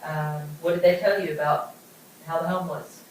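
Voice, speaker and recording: A woman's voice: sits low, fairly even intonation, normal speed, slight background noise. A woman attorney steadily questioning a witness in court. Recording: distant echoey courtroom audio.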